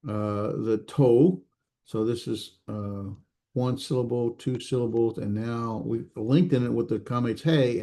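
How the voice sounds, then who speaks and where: A male instructor in a recorded class session, talking in a mellow, dark-toned voice. He explains patiently but haltingly, full of uh's and restarts, correcting himself and asking the students if they follow. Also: medium pitch. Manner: halting, many fillers and restarts; checks in with students, self-correcting.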